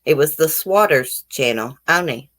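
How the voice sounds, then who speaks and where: A woman's voice: deep voice, expressive, a little slow, a bit bright. A woman from the American South with a Southern accent, hosting a casual live stream, chatting frankly and bluntly with her viewers as she reads their comments. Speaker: YouTube live stream host.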